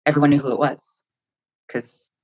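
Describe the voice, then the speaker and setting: A woman's voice: low voice, flat delivery, moderate pace, a little mellow. A woman in her fifties from the United States, a podcast guest telling a personal story vividly and candidly, acting out her own thoughts and swearing freely.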